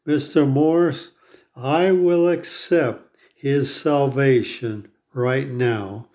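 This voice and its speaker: A man voicing an old pearl diver who speaks earnestly and pleads, in a slow, dark voice. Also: medium pitch, fairly even intonation. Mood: pleading. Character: old male pearl diver, proud and grieving.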